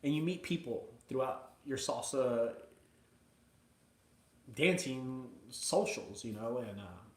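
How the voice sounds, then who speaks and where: A man hosting a live video from his mother's house, chatting casually and excitedly to viewers, rambling between hype and emotion. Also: mid-range voice, slow, reverberant. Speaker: junk removal business owner hosting a live video.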